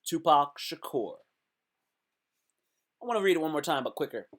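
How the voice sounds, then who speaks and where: A man hosts a casual live stream from his computer, his voice sitting a little high for a man. He chats to his viewers and reads out their comments. He swings between quiet asides and sudden loud outbursts. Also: normal speed, pauses often. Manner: animated, talks to himself and chat, sudden loud outbursts.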